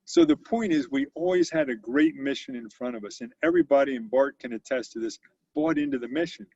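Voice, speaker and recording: A man's voice: mid-range voice, expressive, brisk, a little mellow, breathy edge, no echo, dull audio. An older man who founded a company tells stories as a guest in an interview and acts out the quotes with animation. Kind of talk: storytelling interview.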